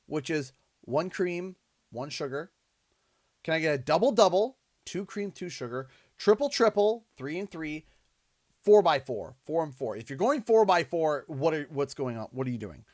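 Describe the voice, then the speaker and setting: A man with a Canadian accent, hosting a livestream and telling a casual story in an animated, exasperated way. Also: fairly high pitch, normal speed, dry recording, studio quality. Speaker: livestream host. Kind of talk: casual storytelling while streaming.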